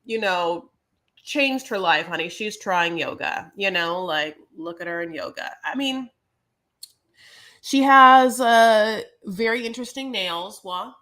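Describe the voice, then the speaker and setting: A woman's voice: medium pitch, slow, bright, forceful tone. A woman co-hosting a podcast, chatting casually and sassily about a reality show, calling listeners honey. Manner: chatty, sassy, calls listeners "honey" and "my loves". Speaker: podcast co-host. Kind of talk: casual reality-TV recap chat.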